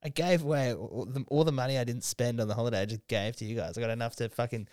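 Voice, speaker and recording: A tipsy young Australian man with a smooth, clear voice, swearing freely and laughing his way through rambling stories. The sound is dry and close, with no room around it. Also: mid-range voice, steady tone, fast, a little mellow, no echo. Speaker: podcast host. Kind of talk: casual drunk chat.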